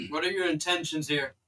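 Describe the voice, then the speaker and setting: A man's voice: fairly high pitch, fairly even intonation, normal speed, bright, forceful tone, voice pushed up, poor audio. A man voicing a stern, commanding male elven wall guard in a tabletop game. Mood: grave. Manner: barking orders.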